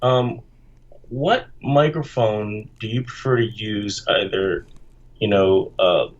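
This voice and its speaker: A man's voice: fairly low pitch, takes it slowly. A man calling into a live show with a question, hesitant and stumbling over his words with many fillers. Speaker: caller. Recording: muffled call audio.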